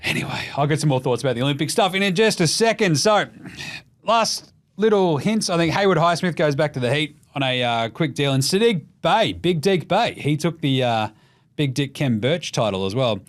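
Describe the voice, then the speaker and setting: Animated sweary Australian man. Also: on the high side, moderate pace. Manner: animated, profane, mimics voices for jokes. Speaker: podcast host. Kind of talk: casual sweary basketball chat.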